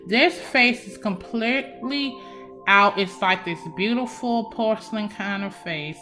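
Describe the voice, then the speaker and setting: Woman, young, bright tone, chatty tarot reader, emphatic, soft music behind. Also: medium pitch, unhurried. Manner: warm, emphatic, addresses viewers as y'all. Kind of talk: casual psychic love reading. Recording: faint background music.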